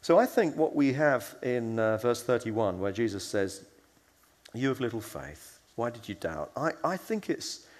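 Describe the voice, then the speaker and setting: His medium-pitched voice fills a big-sounding room as he gives a conference sermon. The man talks casually, using fillers and restarting sentences, and brings his stories alive by acting out quoted voices.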